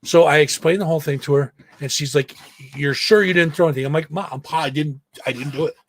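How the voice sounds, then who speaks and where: A man's voice: a little high, fast talker. A man hosting a podcast, casually telling a story and acting out the people in it with plenty of swearing. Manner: profane, animated storyteller, acts out quotes. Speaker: podcast host. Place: home studio. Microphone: own mic, mutes it to vape.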